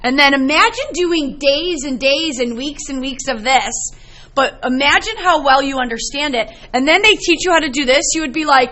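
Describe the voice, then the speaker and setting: A woman's voice: high-pitched, expressive, normal speed, sharp tone. A middle-aged woman teaching a math class, explaining in a chatty, storytelling way to her students in a classroom.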